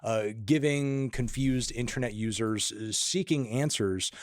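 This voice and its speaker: A man's voice: medium pitch, measured pace, dry recording. Dry-sounding man, scathing critique. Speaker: online critic. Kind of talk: video commentary.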